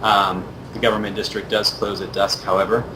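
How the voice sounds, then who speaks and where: A man voicing a calm male paladin official who speaks in a measured, diplomatic, reassuring way. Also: on the low side, background noise, close to an everyday voice.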